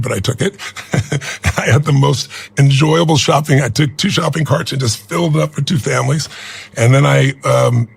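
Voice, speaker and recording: A man's voice: medium pitch, creaky, breathy edge. A man in his sixties telling a personal story as an interview guest, earnest and reflective. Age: 60s.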